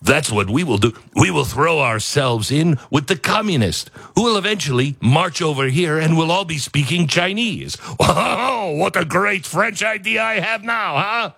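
A man's voice: fairly high pitch, expressive, measured pace, gravelly, hardly any pauses, fairly bright tone, slightly rough, no room sound, pitched above the performer's own voice, heavily acted. A man doing a smug mocking politician impression.

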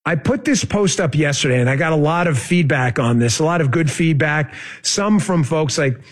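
A man's voice: on the high side, expressive, normal speed. A middle-aged man hosting a political podcast, urging listeners in an emphatic monologue. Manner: urgent, emphatic, addresses listeners as folks. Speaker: podcast host.

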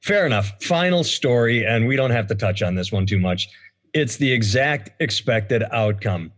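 A man's voice: mid-range voice, animated, moderate pace, fairly bright tone. Sarcastic male podcast host. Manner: sarcastic, reads news stories aloud. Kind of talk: casual podcast banter.

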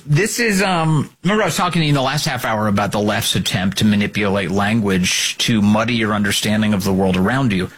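Husky, sarcastic talk radio host, man. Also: fairly low pitch, fairly bright tone. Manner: sarcastic, combative, swings between mocking voices and emphatic outbursts. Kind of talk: political talk radio commentary.

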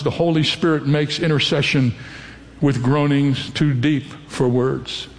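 An older man preaching a sermon as a pastor, earnest and direct, often putting questions to his listeners. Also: mid-range voice. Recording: long hall reverb.

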